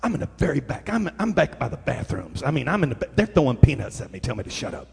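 A man preaching a sermon as storytelling, swinging from hushed tones to shouting. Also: medium pitch, very animated, quick pace, vocal fry, long reverb tail, slight background noise.

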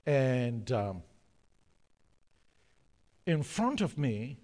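A man preaching a sermon through a story, emphatic, repeating key words and pausing on fillers. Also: medium pitch, big pitch swings, darkish tone, in a large hall.

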